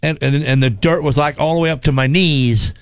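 Animated man telling a story. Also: on the high side, a little fast, smooth, dry recording. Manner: animated, repeats words when excited. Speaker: former race car driver telling stories. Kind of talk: casual storytelling chat.

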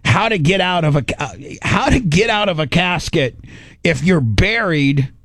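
A man's voice: high voice, lively intonation, moderate pace, fairly bright tone, no room sound. A middle-aged man hosting a radio show, telling a story in a rambling, self-mocking way. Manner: rambling, self-mocking, acts out his own panic. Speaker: radio host. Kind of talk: casual on-air storytelling.

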